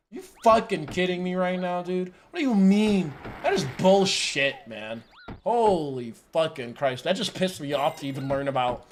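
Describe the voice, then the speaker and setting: High, unhurried swearing young-sounding streamer man. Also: a little hiss or hum. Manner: profane, exasperated outbursts; calls listeners bro and dude. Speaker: streamer reacting to a video. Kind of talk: casual reaction commentary.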